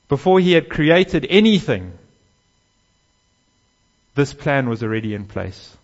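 A man preaching a sermon, swelling loud on key phrases and dropping low and soft on others. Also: animated, a little slow, pauses often, lo-fi sound. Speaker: pastor.

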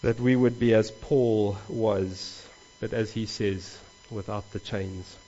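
A man preaching a sermon as pastor, earnest and animated, often rising in emphasis as he speaks. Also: on the low side, slow, dull audio, slight background noise.

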